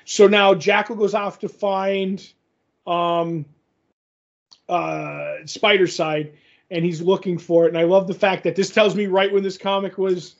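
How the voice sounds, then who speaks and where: Man, podcast co-host, high voice, loose chatty recap full of fillers, dull lo-fi sound. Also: little pitch movement, unhurried, creaky. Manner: rambling, many fillers, restarts and acted quotes. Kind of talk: casual chat recapping a comic.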